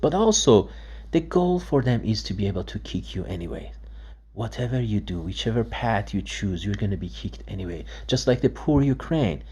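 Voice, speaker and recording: A man who is a father and video blogger delivers an emotional, emphatic monologue of commentary. His lowish, darkish voice is animated and slightly rough at a normal speed, and he acts out dialogues and restarts his words often.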